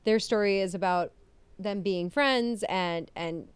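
A young woman co-hosting a podcast, chatting casually and getting excited, laughing often. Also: medium pitch, measured pace, clean tone, no room sound. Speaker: podcast co-host. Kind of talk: casual chat.

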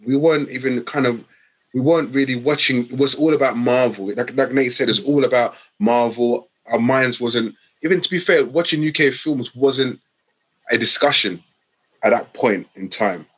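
A man's voice: mid-range voice, moderate pace, fairly bright tone, slightly rough. A man, a podcast co-host, insistently talking over others in casual chat.

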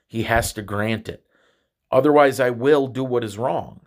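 A man hosting a podcast, talking through a reflective religious monologue in a halting way, often restarting and repeating words. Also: mid-range voice. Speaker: podcast host.

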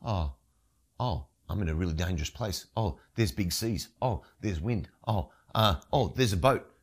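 A man's voice: sits low, animated, moderate pace, slightly rough, pitched below the performer's own voice. A man voicing a panicking fisherman who stammers frantic exclamations. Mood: panicked.

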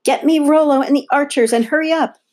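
A woman voicing a bossy, commanding queen in a shrill raised voice. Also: fairly quick, a little mellow, natural voice.

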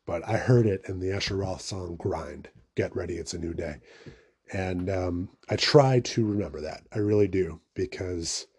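A man's voice: lowish voice, mellow, breathy edge. A young man hosting his own podcast in a loose, rambling monologue, swearing freely and making fun of himself as he goes. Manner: rambling and profane, self-mocking asides. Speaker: podcast host. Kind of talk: casual solo podcast monologue.

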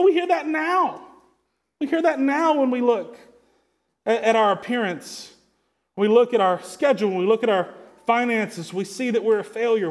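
A male pastor in his thirties delivers a sermon with a high-pitched voice. He talks in a loose, conversational way and sinks into a quieter, intense tone to press his points.

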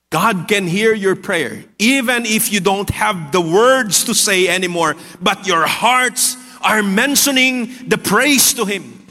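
Bright-voiced man preaching in a hall. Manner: repetitive, earnest, dropping low and soft for emphasis. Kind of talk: sermon. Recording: long hall reverb.

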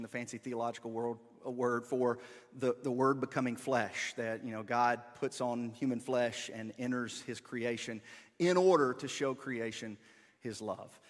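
A pastor giving a relaxed, conversational sermon with asides to his congregation. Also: medium pitch. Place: church sanctuary. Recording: long hall reverb.

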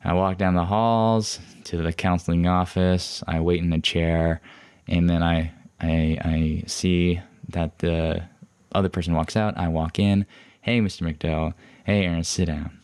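A man's voice: low-pitched, little pitch movement, a little slow, a little mellow, clear, resonant tone. A young man hosting a podcast, rambling through a personal story with many fillers and restarts, frustrated and defensive. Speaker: podcast host.

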